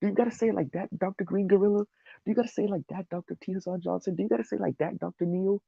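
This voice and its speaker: A whiny, high-pitched critic nags in a mocking sing-song, as a man puts him on. The tone is husky and the recording sounds dull and dry. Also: fairly even intonation, rapid-fire, warm tone, dry recording, heavily acted. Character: whiny scolding critic, male adult.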